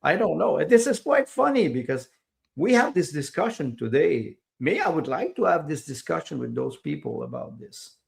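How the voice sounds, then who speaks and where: A man's voice: fairly high pitch, big pitch swings, normal speed, gravelly. A man speaking as a podcast guest in casual conversation, hesitant, with many fillers and repeated words, and small grammar slips of a second-language English speaker.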